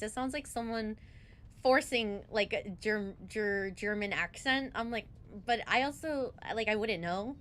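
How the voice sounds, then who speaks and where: A woman's voice: fairly high pitch, normal speed, a bit bright. A young adult woman streaming a game, chatting casually and giggling, saying "like" a lot.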